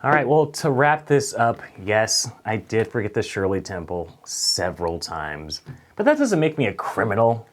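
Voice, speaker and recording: A young man telling a funny story straight to camera, swinging from loud acted-out outbursts to low mutters. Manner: animated, swings between loud outbursts and mutters, acts out voices. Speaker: storyteller vlogger.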